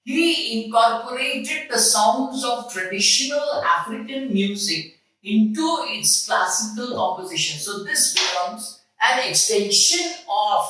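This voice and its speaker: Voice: mid-range voice, fairly bright tone. A test prep teacher explaining reading questions in a classroom style, emphatic, repeating key points and asking rhetorical questions. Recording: echoey room, mic far off.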